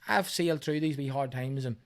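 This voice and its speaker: A man's voice: medium pitch, a little fast. A man, a runner and podcast guest, talking earnestly and motivationally in casual chat, with some swearing.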